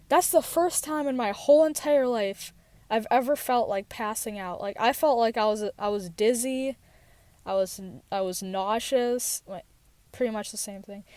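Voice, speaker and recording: A woman's voice: a little high, clear, resonant tone, no room sound. A teenage girl telling a personal story in a rambling, casual way, with many fillers and restarts, recorded in a parked car. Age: teens. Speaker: podcast host.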